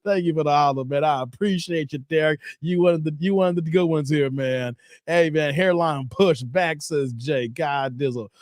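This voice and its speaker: A man hosting a casual live stream, loudly roasting a clip and reading chat with lots of laughs. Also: fairly high pitch, moderate pace, no echo, clean studio sound. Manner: loud joking roasting, laughs often.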